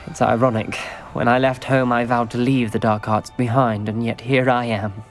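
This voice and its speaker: A man playing a serious young wizard in a fantasy game speaks in a calm, grave, measured way at a middle pitch. Soft game music runs behind him. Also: close to an everyday voice. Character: serious young male wizard, wary of dark magic. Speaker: game character, a student wizard. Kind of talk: video game voice acting.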